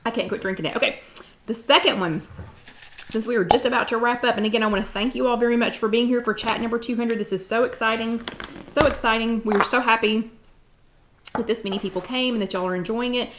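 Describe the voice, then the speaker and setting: A middle-aged woman, hosting a live-stream chat at home in a bubbly, excited way. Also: a little high, a little hiss or hum. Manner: bubbly and excited, drawn-out exclamations. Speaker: host.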